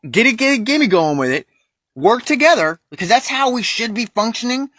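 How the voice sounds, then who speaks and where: A man's voice: extremely high pitch, big pitch swings, moderate pace, fairly bright tone, no echo. An American man delivering a heated, profane ranting monologue with emphatic, crude language. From United States. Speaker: vlogger.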